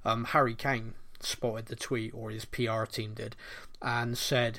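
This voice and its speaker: A man's voice: on the low side, flat delivery, normal speed, sharp tone. A man with a Bristolian accent hosting a casual podcast chat, reading out listener questions and laughing often at himself. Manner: reads listener questions aloud, laughs often, self-deprecating. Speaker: podcast host.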